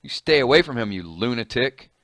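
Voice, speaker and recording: A man's voice: medium pitch, sing-song, a little fast, a bit bright, dry recording. Man reading an upset scared woman, reproachful, dry close sound. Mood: distressed. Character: distraught woman, shocked and fearful.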